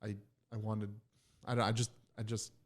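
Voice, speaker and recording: A man's voice: lowish voice, flat delivery, moderate pace. A middle-aged man, a business owner guest in a casual chat, skeptical and stammering with repeats.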